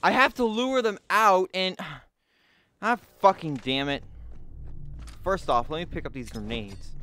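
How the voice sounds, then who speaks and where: A young man with a slightly high voice giving gaming commentary, cursing and venting his frustration at the enemies. Faint gunfire from the game runs under his voice. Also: unhurried, slight background noise. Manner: swears a lot, frustrated, shouts at enemies.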